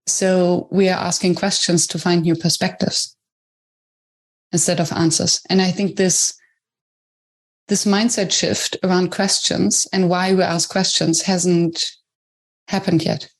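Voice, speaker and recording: A woman's voice: fairly low pitch, flat delivery, a little slow. A woman hosting a podcast, laying out her thoughts step by step in a conversational way. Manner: thoughtful, builds ideas step by step. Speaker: podcast host. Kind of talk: conversational interview.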